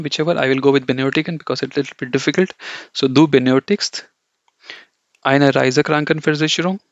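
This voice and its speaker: Man teaching German, gravelly lo-fi voice. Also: fairly high pitch, fairly bright tone, dry recording. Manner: explains step by step, frequent "okay" and "you know". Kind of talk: online language lesson. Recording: dull, lo-fi dry recording.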